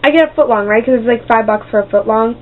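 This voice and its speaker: A female vlogger tells rambling, silly stories, darting between tangents and adding sound effects and goofy voices. Her voice is on the high side and fast. The tinny, lo-fi webcam audio carries a faint hiss.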